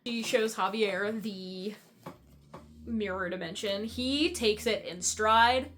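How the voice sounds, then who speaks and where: A woman's voice: on the high side, lively intonation, a little slow, fairly bright tone. Chatty young woman recapping a book. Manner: chatty, rambling, frequent fillers and swearing. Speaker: book reviewer. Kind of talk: casual book breakdown.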